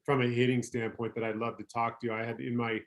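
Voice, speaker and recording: A man's voice: mid-range voice, flat delivery, a little fast. Man telling long stories on a podcast. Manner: rambling anecdotes with self-corrections. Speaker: guest, former pro pitcher. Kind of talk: casual storytelling chat.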